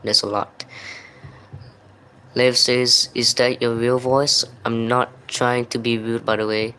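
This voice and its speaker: A young man hosts a livestream, reading viewer comments aloud in quick succession and apologizing often. His mid-range voice barely moves in pitch and sounds pushed and bright, with a clean tone despite the low-quality recording.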